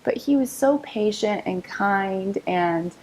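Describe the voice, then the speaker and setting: A woman's voice: medium pitch, takes it slowly, poor audio. Upbeat woman telling her story. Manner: upbeat, storytelling, quotes others in lively voices. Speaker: real estate agent, guest. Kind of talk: interview conversation.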